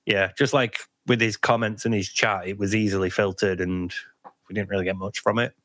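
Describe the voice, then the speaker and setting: Man co-host, lowish voice, dry sarcasm, close dead mic. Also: steady tone, brisk, a bit bright, dry recording. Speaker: stream co-host. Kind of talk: casual chat.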